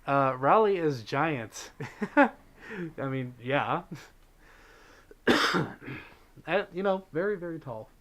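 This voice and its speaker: A man's voice: fairly high pitch, expressive, slow pace, long pauses, a bit bright. A man hosting a livestream, chatting casually with viewers, reading their messages and thanking donors, with plenty of fillers. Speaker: livestream host.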